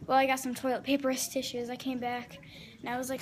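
A woman's voice: high voice, completely flat delivery, fast talker, slight background noise. A woman vlogging casually while walking around her house, chatting in a rambling way with lots of fillers and restarts. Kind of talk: casual vlog chat.

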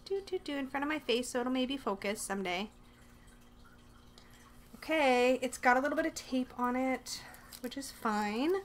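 A woman casually chatting to camera while unboxing, excitable and gushing, talking to herself as she goes, in her bedroom. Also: high voice, normal speed, pauses often, a little hiss or hum. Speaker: vlogger unboxing a subscription box.

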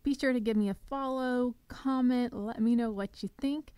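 A woman's voice: a little high, moderate pace, mellow, clear, resonant tone, dry recording. A young woman hosting a podcast, gushing with enthusiasm as she delivers a scripted recap monologue. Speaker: podcast host.

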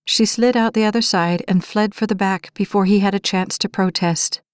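A woman's voice: mid-range voice, clean tone, no room sound, clean studio sound. Woman narrating a romance audiobook. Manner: even, measured storytelling.

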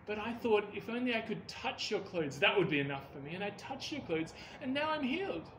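A frightened woman pours out her plea in a raised, anxious voice, as a man puts her on. The storybook reading carries a clear room echo with faint hiss. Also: high-pitched, sing-song, a little fast, a bit bright, pitched above the performer's own voice. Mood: pleading. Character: frightened, pleading grown woman. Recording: echoey room.

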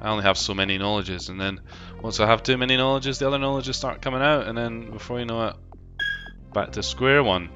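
A London-accented man streams a game with music behind him, speaking briskly in a mid-range voice. He rambles, cracks jokes, swears casually and reads chat messages, all in lo-fi sound.

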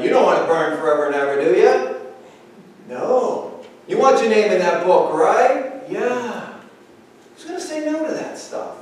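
A man preaching a sermon as pastor, talking in a conversational, animated way and acting out little dialogues. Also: sits high, moderate pace. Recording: echoey hall, speaker far from mic.

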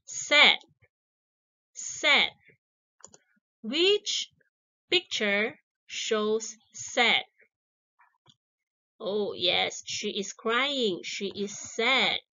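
Slow, lively woman teaching children English. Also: mid-range voice, dull audio. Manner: encouraging, drawn-out words repeated twice.

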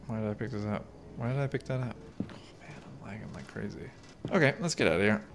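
Gravelly-voiced man in sarcastic gameplay commentary. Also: fairly low pitch, expressive, normal speed, fairly bright tone, slight background noise. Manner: sarcastic, talks back at game characters. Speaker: gaming YouTuber. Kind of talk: let's play commentary. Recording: game music behind voice.

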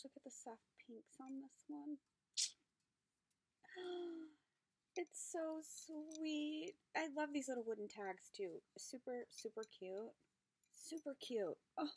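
A woman hosting a craft vlog, unboxing handmade gifts and gushing over each one with gasps and soft whispered asides. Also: high voice, slight background noise. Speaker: craft channel host. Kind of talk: unboxing craft mail, casual chat.

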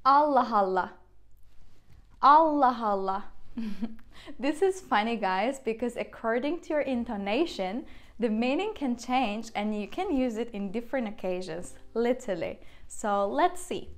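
A woman's voice: on the high side, lively intonation, moderate pace, a little mellow. A young woman from Turkey with a Turkish accent, casually teaching phrases with everyday examples and frequent laughs. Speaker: language teacher. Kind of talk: casual language lesson.

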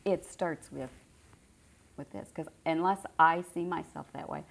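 Low gravelly woman teaching. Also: measured pace, slight background noise. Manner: conversational, repeats phrases for emphasis. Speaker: spiritual teacher. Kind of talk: informal spiritual teaching to a group.

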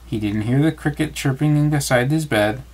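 A father reading a bedtime story aloud, calm and expressive. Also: medium pitch, moderate pace.

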